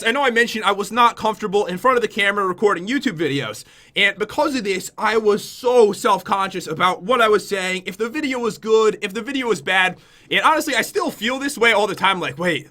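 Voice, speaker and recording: Bright, high-voiced young man vlogging. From Connecticut. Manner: chatty and self-mocking, talking straight to viewers. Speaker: YouTuber. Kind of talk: casual vlog confession.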